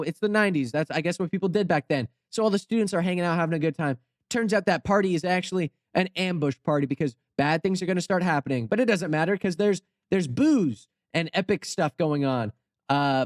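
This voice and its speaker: A young male host with a high, light voice tells a story in a goofy, rambling way, full of sarcastic asides. He is recorded on a close mic in a dry space with no room echo. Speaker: channel host. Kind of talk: comedic storytelling commentary.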